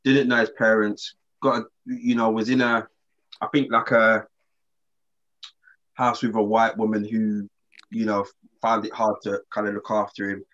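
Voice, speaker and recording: A man, co-hosting a casual chat and telling a story in relaxed slang with many restarts. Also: lowish voice, unhurried, pauses often. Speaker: podcast co-host. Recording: slightly dull lo-fi sound.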